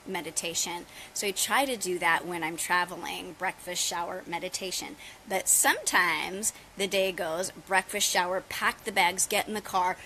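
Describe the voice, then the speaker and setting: Friendly middle-aged yoga teacher lady chatting to her viewers, mid pitch, faint outdoor background noise. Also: low-quality recording. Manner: chatty, relaxed, addresses viewers as "you guys". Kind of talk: casual live-stream yoga talk. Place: outdoors on holiday.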